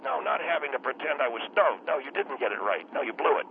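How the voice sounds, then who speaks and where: A man doing a cranky old grandpa, a retired lawyer, who rambles and bickers on a comedy call-in. His phlegmy, gravelly voice swings up and down and comes through a tinny phone line with faint hiss. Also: medium pitch, expressive, fast talker. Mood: grumbling. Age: older. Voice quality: throat-clearing, phlegmy. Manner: rambling, combative, loses his words. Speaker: radio caller.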